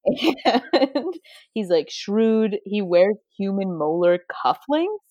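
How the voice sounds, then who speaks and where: A woman's voice: mid-range voice, sing-song, slow, warm tone, no echo, muffled recording. A young woman co-hosting a podcast, chatting casually about a book, giggling and playfully quoting characters. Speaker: podcast co-host.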